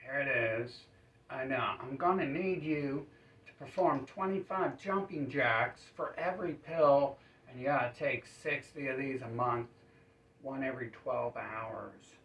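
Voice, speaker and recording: A man's voice: medium pitch, a little slow, fairly bright tone, natural voice. A man putting on a smug condescending doctor. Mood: patronizing. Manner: condescending, soothing, pushes pills. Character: patronizing male doctor, smug and dismissive. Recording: roomy, distant, dull sound.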